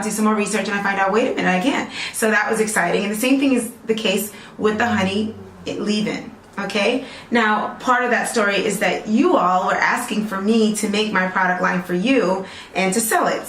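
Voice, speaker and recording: A woman's voice: mid-range voice, fairly bright tone, echoey room, slight background noise. A woman chatting casually to her viewers in a rambling, friendly vlog, checking in with them often. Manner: chatty, rambling, talks straight to viewers with lots of "okay?". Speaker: natural hair vlogger selling her own products.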